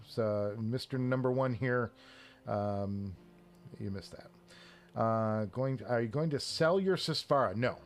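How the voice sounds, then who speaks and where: A man's voice: medium pitch, measured pace, slight background noise. A man hosting a casual live stream, rambling with restarts and short laughs as he talks about headphones and reads the chat.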